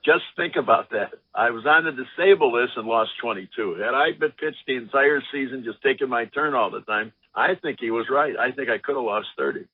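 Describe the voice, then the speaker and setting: An older former ballplayer telling lively anecdotes in an interview, acting out the voices of the people he quotes. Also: mid-range voice, a little fast, few pauses, breathy edge, no echo. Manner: animated anecdotes, acts out quotes. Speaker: former baseball pitcher, guest. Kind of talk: storytelling interview. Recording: dry, phone-like line.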